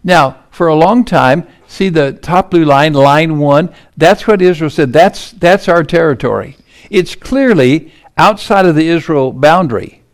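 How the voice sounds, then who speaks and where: A man's voice: a little high, measured pace. A man giving urgent political commentary over maps and headlines, emphatic and incredulous.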